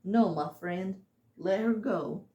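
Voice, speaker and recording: A calm, serious father who once served as a guard officer, read by a woman narrator. He speaks with quiet gravity at a slow pace, and the room adds a noticeable echo. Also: mid-range voice, natural voice.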